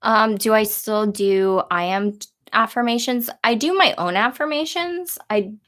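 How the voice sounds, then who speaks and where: A woman in her thirties hosting a casual livestream, relaxed and rambling with many fillers. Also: fairly high pitch, a little slow. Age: 30s. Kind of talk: casual chat.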